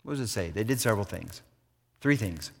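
Pastor preaching in a reverberant hall. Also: male voice, fairly low pitch, brisk, creaky, breathy edge. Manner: animated storytelling with questions to the congregation. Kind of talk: sermon. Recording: long church hall reverb.

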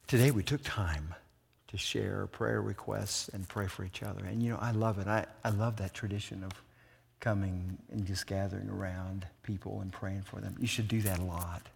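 Long reverb from a church hall surrounds this pastor's sermon, along with a little hiss or hum. He tells stories energetically and puts questions to the congregation, his gravelly voice sitting low at a normal pace.

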